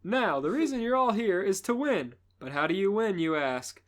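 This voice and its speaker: A man's voice: high-pitched, animated, normal speed, voice pushed up. A man voicing a smug male TV game-show host with a showy announcer delivery, in a fan-fiction reading with voices. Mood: smug announcing.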